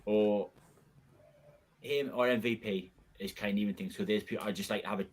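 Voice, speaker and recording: A man's voice: on the low side, steady tone, fairly quick. A man in a casual podcast chat, thinking aloud hesitantly.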